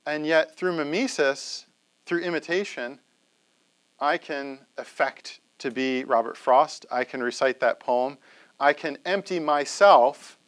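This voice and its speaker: Guy lecturing a class, kinda high voice, keeps saying right?. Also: fairly bright tone. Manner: conversational, asks "right?" often.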